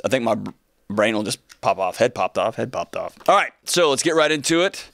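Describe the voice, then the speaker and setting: A man's voice: medium pitch, fairly quick, vocal fry, a bit bright, no room sound. A man hosting his own podcast in a studio, chatting casually and energetically with rambling, joking asides. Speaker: podcast host. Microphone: studio mic with earphones.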